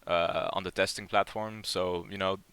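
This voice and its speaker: A man with a very low, resonant voice hosts a live community Q&A, rambling along with fillers and repeated words. His tone is bright and forceful, and the sound is dry and close. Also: steady tone, normal speed, clean tone, no room sound. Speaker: project lead hosting a community AMA. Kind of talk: casual live Q&A chat.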